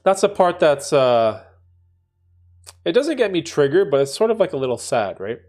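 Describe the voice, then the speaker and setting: A male streamer with a stuffy, congested voice chats casually with viewers, reading their messages aloud and reacting with plenty of fillers. His voice is a little high and a little mellow, sing-song, at a normal speed.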